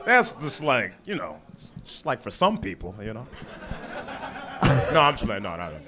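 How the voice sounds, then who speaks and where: A man's voice: medium pitch, huge pitch swings, moderate pace, background noise. A man doing improvised stand-up on a comedy club stage. He tells a rambling, stop-start story and keeps laughing at his own lines. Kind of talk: improvised stand-up from audience suggestions.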